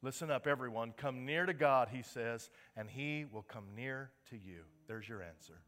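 A male pastor preaches to his congregation with a bright, forceful voice. He swells into emphatic, impassioned peaks and then falls back to quiet earnestness. The sound is that of a Sunday church service. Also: mid-range voice, moderate pace. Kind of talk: sermon.

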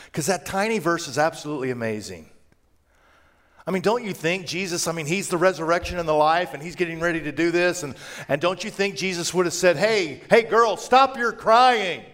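Emphatic male preacher, fairly high voice. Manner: emphatic, conversational, swells to loud declarations. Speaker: pastor. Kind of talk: sermon.

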